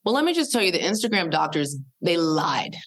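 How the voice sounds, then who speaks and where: A woman in her thirties, a podcast guest telling stories in an animated, casual way and acting out the people she quotes. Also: lowish voice, fairly quick. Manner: lively, uses voices for quoted people. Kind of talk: animated storytelling in casual conversation.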